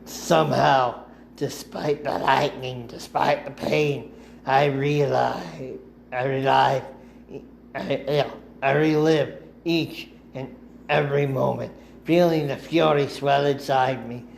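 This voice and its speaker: Slow, gravelly man reading fiction. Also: medium pitch, steady tone, a little hiss or hum. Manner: slow, deliberate reading with occasional self-corrections. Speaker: amateur audiobook narrator. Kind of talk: first-person fiction reading.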